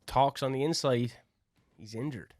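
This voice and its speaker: An Irish man co-hosting a wrestling podcast in casual chat, teasing his co-hosts with quick interjections. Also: mid-range voice, darkish tone, dry recording, clean studio sound. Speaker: podcast co-host.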